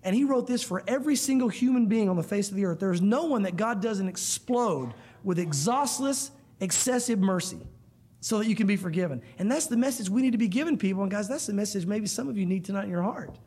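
A man's voice: sits high, expressive, quick pace, darkish tone, breathy edge. A man preaching a sermon to a room of listeners, earnest and emphatic, often calling them guys. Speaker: pastor. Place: church room.

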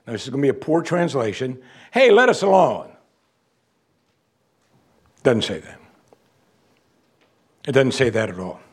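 A man's voice: medium pitch, animated, normal speed, pauses often, husky. A man, a pastor, preaching an expository sermon in a conversational way and acting out quotes from the text.

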